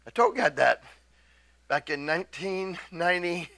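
A middle-aged man preaching a sermon, excitable, swinging from hushed asides to loud, drawn-out scripture readings. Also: high-pitched, vocal fry, dry recording.

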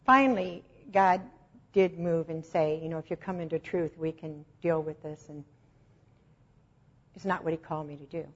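A woman giving a personal testimony sermon, emotional and swelling louder on key phrases. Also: on the low side. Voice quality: husky. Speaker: Christian speaker. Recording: dull lo-fi recording.

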